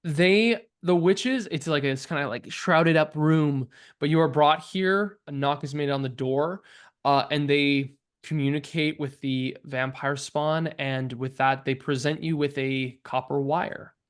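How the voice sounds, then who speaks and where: A man narrating as game master of a tabletop game, halting and full of fillers. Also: a little high, clean tone. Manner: halting, many fillers and restarts.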